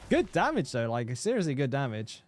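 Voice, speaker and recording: A man's voice: fairly high pitch, darkish tone. Sweary man streaming a game. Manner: casual, swears freely, chats with viewers; stammers and repeats words. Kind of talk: casual live-stream chat.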